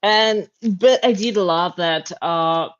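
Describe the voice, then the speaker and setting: A woman co-hosting a casual podcast, dropping wry, relaxed remarks. Her voice comes through a somewhat dull, lo-fi microphone. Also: mid-range voice, takes it slowly. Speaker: podcast co-host. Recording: slightly dull, lo-fi mic.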